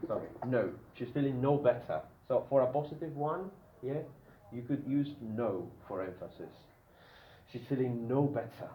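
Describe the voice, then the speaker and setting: A man teaching an English grammar class, animated and repetitive, checking in with "yeah?" after nearly every point. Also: mid-range voice, normal speed, echoey room, muffled recording, slight background noise.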